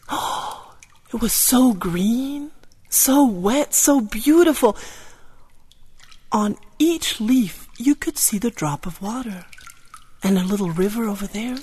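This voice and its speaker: A woman telling a first-person tale with strong expression, moving from hushed to loud with drawn-out repetitions. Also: mid-range voice, slightly rough. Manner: drawn-out repetitions and soft exclamations. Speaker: storyteller. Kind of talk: dramatic first-person storytelling.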